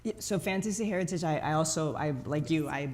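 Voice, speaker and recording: A woman who grew up in Spain, speaking with a Spanish accent as a guest in a relaxed on-stage book conversation, tagging her sentences with "no?" and restarting often. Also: low-pitched, fast talker, a little hiss or hum. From grew up in Madrid, Spain. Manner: frequent tag "no?", many restarts. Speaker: journalist and author guest. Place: event stage before audience.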